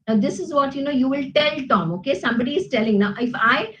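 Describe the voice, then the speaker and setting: Woman teacher, high voice, middle-aged, chatty explainer full of tag questions. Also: brisk, hardly any pauses, rough recording. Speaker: college English teacher. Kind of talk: classroom grammar lesson.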